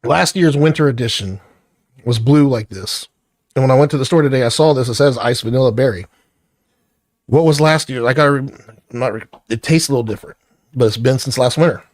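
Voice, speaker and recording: A man's voice: mid-range voice, a little fast, a little mellow, dry recording, studio quality. A middle-aged man venting in a blunt, profane, irritated personal vlog rant. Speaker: vlogger.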